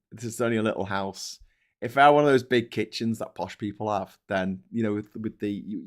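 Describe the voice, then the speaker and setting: A man chats on a live stream and swears freely. He rambles, restarts sentences and wanders off on tangents. His voice sits at an ordinary middle pitch. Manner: sweary, rambling, easily sidetracked; excitable when thanking viewers. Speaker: livestream host. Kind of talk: casual rambling live chat.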